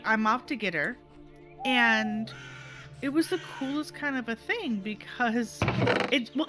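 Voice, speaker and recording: Lively grandmother streamer with music behind. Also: a little high. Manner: animated, acts out quoted voices, laughs often. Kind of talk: casual storytelling while streaming a game.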